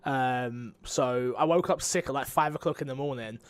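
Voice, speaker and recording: A man with a British accent, co-hosting a casual podcast chat and telling a story in an animated, ranting way. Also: medium pitch, normal speed, no room sound. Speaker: podcast co-host.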